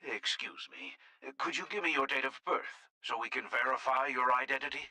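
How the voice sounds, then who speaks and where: A man voicing a doctor in a game, formal and measured on a call. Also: medium pitch, pushed and bright. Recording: voice over clear music.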